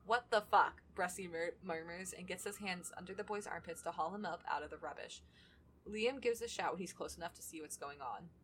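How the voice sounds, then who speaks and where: A woman's voice: fairly low pitch, brisk, slight background noise. A woman co-hosting a podcast, reading fan fiction aloud between chatty, laughing asides and casual swearing. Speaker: podcast co-host.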